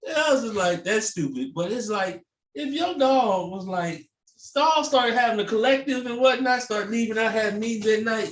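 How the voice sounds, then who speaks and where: An animated storyteller whose pitch swings all over the place as he jumps into quoted voices. He is recorded a little off mic in a roomy space with echo. His talk is loose, fast and full of swearing. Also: recorded from a distance. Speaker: podcast co-host. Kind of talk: casual chat.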